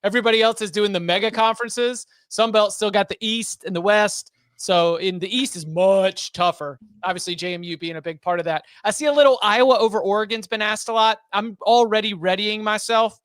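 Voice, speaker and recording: A man giving college football betting opinions, animated and often restarting his sentences. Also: high-pitched, fairly quick, hardly any pauses, clear, resonant tone, no room sound. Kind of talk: casual sports betting chat.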